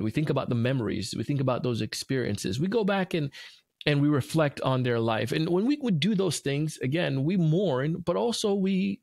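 Gravelly, earnest male podcast host. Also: medium pitch, a little mellow, no echo, clean studio sound. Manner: earnest, encouraging, with frequent restarts. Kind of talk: devotional podcast talk.

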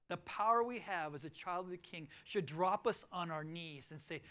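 Preaching in a church auditorium, a high-voiced, middle-aged pastor moves at a moderate pace with few pauses. He narrates his story by alternating forceful, loud emphasis with soft, hushed moments.

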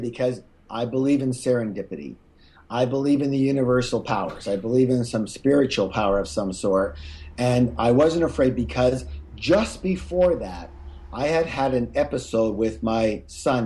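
A man guest on an interview, telling a personal story, often stumbling and restarting and jumping up in pitch when he acts out what was said. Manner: animated, acts out quotes with big pitch jumps. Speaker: guest author.

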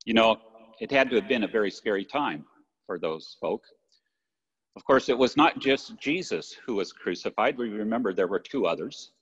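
A man's voice: fairly low pitch, animated, normal speed, husky. An older man preaching a sermon from his church, talking conversationally and often asking his listeners "right?". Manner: conversational, warm asides with "right?". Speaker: pastor. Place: church sanctuary. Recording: lo-fi livestream with long church reverb.

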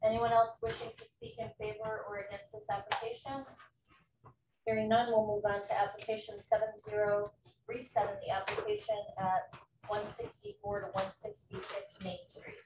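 A woman runs a public commission meeting in a brisk, courteous, procedural way. She sounds far from the microphone in an echoey room, and the recording is dull with a steady hiss behind her. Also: medium pitch. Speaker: commission chair.

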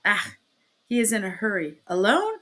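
A woman's voice: mid-range voice, very animated, normal speed, a bit bright. A woman reading the part of an agitated middle-aged male magistrate with exclaiming, pressing questions.

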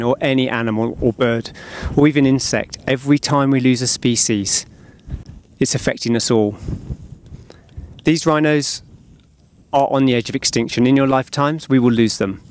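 A man, an artist, speaking slowly and heartfelt to schoolchildren from an outdoor animal enclosure. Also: medium pitch. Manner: slow, hushed and heartfelt. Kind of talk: earnest outdoor video address.

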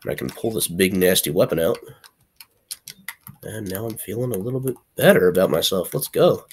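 A man's voice: deep voice, lively intonation, fairly quick, a little hiss or hum. A young man giving casual gameplay commentary, chatty and playfully trash-talking, now and then yelping in frustration. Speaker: gaming channel host.

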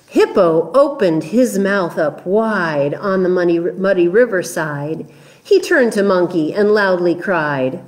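A woman, a children's librarian, reading picture books aloud at story time in an animated, coaxing way. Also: fairly low pitch, slow pace.

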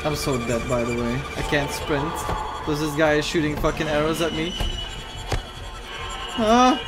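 A man playing a horror game and commenting on it, excitable, swearing freely and talking back to the game. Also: fairly high pitch, a little fast, loud music behind the voice. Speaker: gaming YouTuber.

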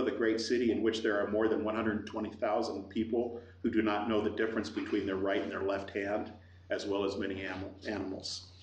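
A middle-aged man preaching a sermon, telling a personal story with lively acted-out voices. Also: lowish voice, a little hiss or hum. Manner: animated storytelling, acts out quoted voices. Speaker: pastor. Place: church hall. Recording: echoey room with faint ambience.

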